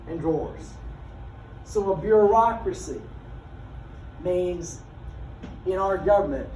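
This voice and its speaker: A man teaching a class, explaining ideas through folksy, animated personal stories. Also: fairly high pitch. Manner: folksy and animated, drawling asides. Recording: echoey room, mic far off, noisy.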